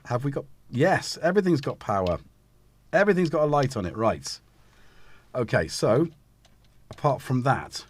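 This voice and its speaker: A man's voice: mid-range voice, a little hiss or hum. A man hosting a casual live stream, talking in a rambling, self-interrupting way while he fits synth modules into a case. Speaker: host.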